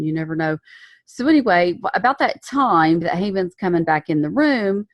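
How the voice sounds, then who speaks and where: Woman teaching bible stuff, kinda low voice, dry close sound, chatty and loose, fixes herself a lot. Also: animated, normal speed, no room sound. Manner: chatty retelling with slang and self-corrections.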